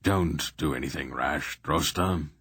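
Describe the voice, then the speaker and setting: Calm old wizard guy, raspy and low, read by a man, takes his time. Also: no room sound, clean studio sound, heavily acted. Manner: calm, unhurried. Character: calm, wry old male sorcerer.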